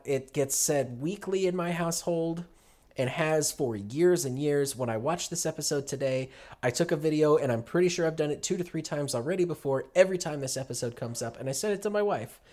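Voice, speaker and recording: A man's voice: a little high, a little mellow. Chatty, swearing male podcast co-host. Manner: chatty, profane, laughing. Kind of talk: casual chat.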